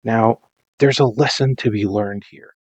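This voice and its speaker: A man narrates his own Minecraft let's-play in a casual voice-over, rambling, mocking himself, and dramatizing the action. His voice is lowish, unhurried, and slightly rough, and the recording is dry.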